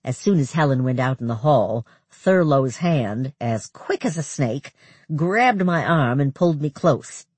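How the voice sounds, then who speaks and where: An audiobook narrator reads a first-person novel in an expressive storytelling manner. The voice is husky and breathy, with a lively, wide-ranging pitch, recorded close and dry. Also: measured pace, no room sound.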